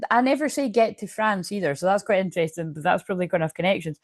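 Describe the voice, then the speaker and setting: A woman's voice: on the low side, lively intonation, a little fast, dry recording, studio quality. A woman with a Scottish accent giving a rambling, chatty tarot reading to her viewers from her room at home, swearing freely as she talks. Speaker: tarot card reader.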